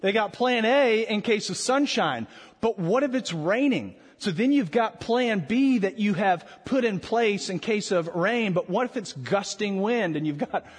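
A man preaching a sermon as pastor, animated and rhetorical, with dramatic pauses. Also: sits high, husky. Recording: long hall reverb.

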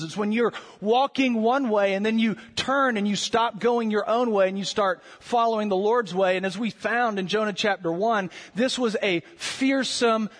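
A man preaching a sermon as pastor, earnest and emphatic, slowing down with dramatic pauses to stress key words. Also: sits high, in a large hall.

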